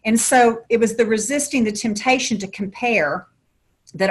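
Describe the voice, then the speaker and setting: A woman's voice: a little high, normal speed. Podcast guest: middle-aged woman, Southern drawl, storyteller who leans on folksy metaphors. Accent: Southern American. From American South. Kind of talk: podcast interview.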